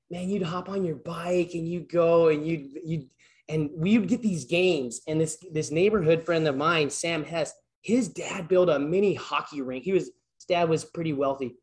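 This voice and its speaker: Guy giving a chatty church talk, kinda high voice, keeps restarting his sentences. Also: normal speed, darkish tone. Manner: rambling, conversational, many restarts. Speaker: guest speaker at church, PE teacher. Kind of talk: informal sermon with storytelling.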